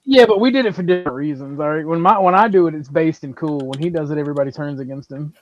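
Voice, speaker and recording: A man's voice: on the high side, fast talker, lo-fi sound. A man on an online panel, sarcastic and rambling, joking about hating everyone.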